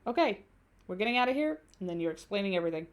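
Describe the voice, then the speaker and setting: A woman's voice: mid-range voice, sing-song, rapid-fire, natural voice. Woman reading as a fed-up angry cab driver. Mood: snappish. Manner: snapping, indignant.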